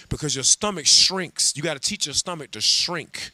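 A man teaching a scripture class, animated and joking, calling on others to read. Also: a little high, brisk, few pauses, no room sound. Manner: animated, humorous, calls on readers. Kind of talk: sermon.

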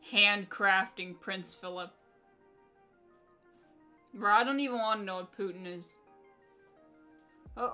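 A woman's voice: mid-range voice, bright, forceful tone. Profane, blunt woman streamer with faint music. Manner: profane, blunt and teasing, with a lot of filler "like". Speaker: live streamer. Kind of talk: casual live-stream chat, reacting to viewer messages.

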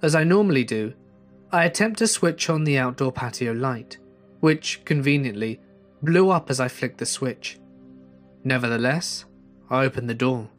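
A man's voice: medium pitch, expressive, normal speed. Man narrating a creepy story. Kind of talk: scripted horror story narration. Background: faint music.

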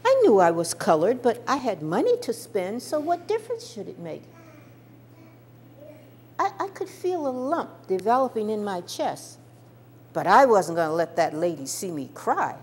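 Older woman storyteller, lively intonation, personal memoir, light stammer. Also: mid-range voice, moderate pace, a little hiss or hum. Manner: expressive, warm-toned recounting with small stammers.

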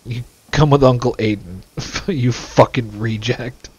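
A young man hosts a casual let's play, cracking jokes, swearing constantly and staying sarcastic into a desk mic. His medium-pitched voice is unhurried and slightly rough, and there's no echo.

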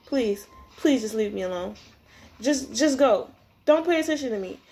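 A woman voicing a withdrawn, bullied teenage boy who pleads quietly. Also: fairly high pitch, expressive, normal speed, faint music behind. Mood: pleading. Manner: pleading, subdued.

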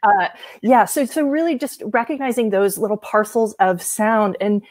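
A woman's voice: mid-range voice, normal speed, darkish tone, no room sound. A woman, a voice coach explaining breath and speech sounds in a thoughtful, explanatory way. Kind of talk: explanatory talk.

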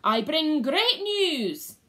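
A woman voicing a royal herald who makes a loud, formal announcement in a read-aloud story. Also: high-pitched, very animated, extremely slow, voice pushed up, heavily acted. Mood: proclaiming.

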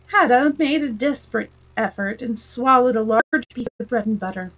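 A woman with a somewhat high voice reads a children's story aloud. Her narration is steady and plain. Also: normal speed, distant mic, low-quality recording.

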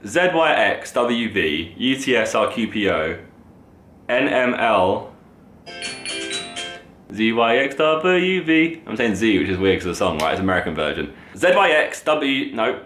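A man's voice: lowish voice, animated, moderate pace, a bit bright. A man chatting casually while practising, laughing at himself. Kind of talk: casual vlog commentary. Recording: echoey room with faint music.

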